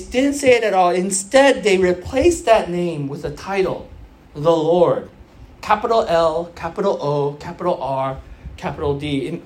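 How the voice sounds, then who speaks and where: A man's voice: high-pitched, darkish tone. A man in his thirties preaching a sermon in a conversational way, asking rhetorical questions and explaining scripture. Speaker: pastor.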